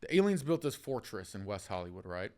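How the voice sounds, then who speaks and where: A man's voice: lowish voice, very animated, a little fast, dark tone. A young man hosting a podcast, telling stories in casual chat and acting out quotes, swearing freely. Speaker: podcast host.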